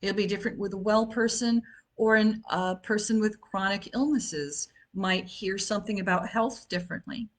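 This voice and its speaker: Speaking at a normal speed in a mid-range voice, this wellness coach in her fifties delivers a casual self-help talk. Her manner is chatty, full of fillers and frequent restarts.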